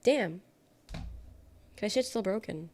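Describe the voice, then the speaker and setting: Speaking slowly but animatedly, a young woman streamer with a medium-pitched, slightly mellow voice chats in a casual, sarcastic way. She rambles from topic to topic, reacting to chat and reading comments out loud.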